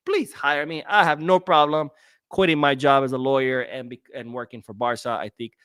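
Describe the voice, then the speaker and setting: This man's medium-pitched voice is clear, resonant, and fairly bright, delivered at a moderate pace. The recording is clean studio sound without echo, as he hosts a relaxed livestream podcast, reading out viewer comments and rambling through replies while repeating himself.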